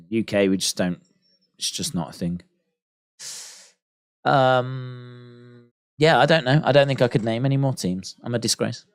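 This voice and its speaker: With a smooth, medium-pitched voice and clean studio sound free of echo, a British man hosts a casual live watch-along. He muses to himself, reads comments from the audience and pokes fun at himself.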